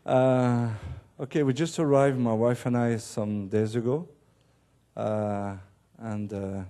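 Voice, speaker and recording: Male missionary pastor, slow delivery, mellow tone, halting sermon with gentle humor. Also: medium pitch, fairly even intonation. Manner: halting, with many restarts and fillers. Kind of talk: sermon with light joking. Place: church service.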